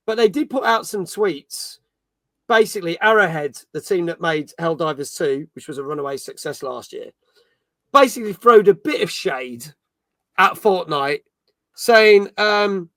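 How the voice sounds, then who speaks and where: His high-sitting voice is bright and forceful as this middle-aged man hosts a casual gaming stream. Acting as a podcast host, he chats, jokes, and reads out what viewers write in chat. The recording is dry and of studio quality.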